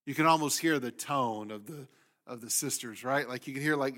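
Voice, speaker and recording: A man preaching a sermon as pastor, speaking with animated emphasis and sometimes voicing the complaints of people in the story. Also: mid-range voice, a little fast.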